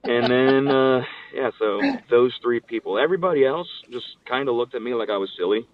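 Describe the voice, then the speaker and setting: Talking a bit fast in a mid-range voice, a man appears as an interview guest, a pro wrestler. The line sounds distant and phone-like as he casually spins stories and acts out other people's words.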